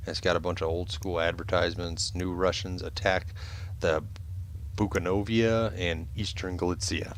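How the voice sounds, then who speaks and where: A man giving relaxed commentary on a flight game as he plays it, explaining menus with many ums and uhs. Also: low voice, normal speed, slight background noise. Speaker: gameplay video host. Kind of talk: casual gameplay commentary.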